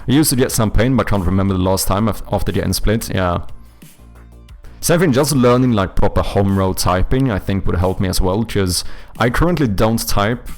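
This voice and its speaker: Faint music sits behind this fairly low-pitched voice speaking at a normal speed. It belongs to a young Swedish-accented game developer from Sweden who rambles, swears liberally, and reads viewer comments in a casual livestream chat.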